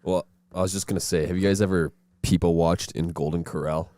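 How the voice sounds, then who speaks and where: A man's voice: low voice, steady tone, fairly quick, darkish tone, no room sound. A young man in casual podcast chat, talking emphatically and with animation. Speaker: podcast co-host.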